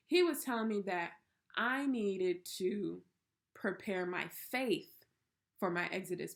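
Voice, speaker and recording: A young woman from the United States, telling a personal story in a casual vlog, candid and emphatic. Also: mid-range voice. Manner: candid and emphatic, with swears and laughs. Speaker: vlogger.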